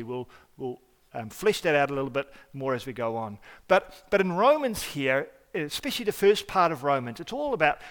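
A man preaching a sermon as pastor, earnest and emphatic, often restarting words and swinging between loud stresses and quiet asides. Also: a little high. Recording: hall reverb.

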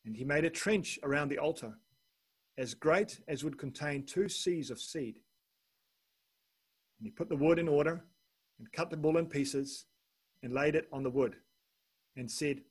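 Man, preacher, sermon scripture reading, husky voice, slightly high pitch. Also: unhurried, pauses often. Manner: reads scripture aloud with rising emphasis on quoted speech.

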